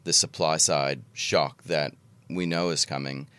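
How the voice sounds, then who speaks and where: A man with a very low, deep voice hosts a podcast conversation. He keeps things casual and playful, slipping in jokes and laughing as he goes. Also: steady tone, measured pace, fairly bright tone, clear, resonant tone. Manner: jokey, playful, laughs often. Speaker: podcast host. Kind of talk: casual interview chat.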